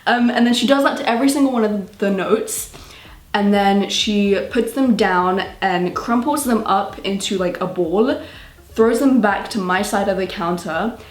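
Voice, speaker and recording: A young woman with a British accent telling a storytime vlog in an animated, exasperated way. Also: medium pitch, unhurried, roomy sound. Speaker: vlogger.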